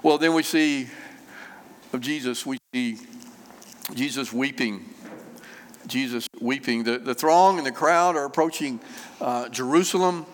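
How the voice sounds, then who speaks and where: A man preaching a sermon in an easy, conversational way, stopping on fillers and going back over his phrases. His voice sits at an ordinary middle pitch. A long reverb hangs after each phrase, the sound of a church hall. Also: a little slow, long pauses, slight background noise. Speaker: pastor.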